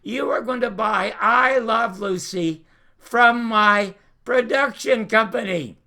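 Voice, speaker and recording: A man's voice: high-pitched, takes it slowly, pushed and bright, full character voice. A man voicing a strong-willed woman comedian, speaking bluntly and firmly. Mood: defiant.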